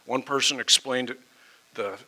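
A middle-aged man preaching a sermon as a pastor, impassioned, moving between loud emphasis and hushed tones. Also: mid-range voice, measured pace, poor audio.

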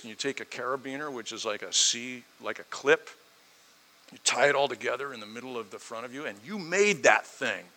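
A man's voice: mid-range voice, pushed and bright. A man preaching a storytelling sermon, building his points through emphatic repetition.

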